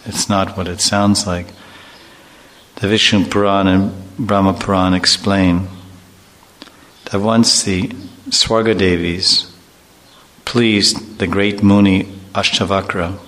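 A man with a somewhat low voice narrates a devotional story. He is measured and explanatory, moving steadily through the tale. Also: flat delivery, fairly bright tone, in a large hall.

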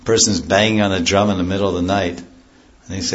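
This spiritual teacher has a low-pitched, steady voice and talks a little fast; the highs are cut off. His devotional class drifts into stories where he loses the thread, and he renders scripture terms in plain words.

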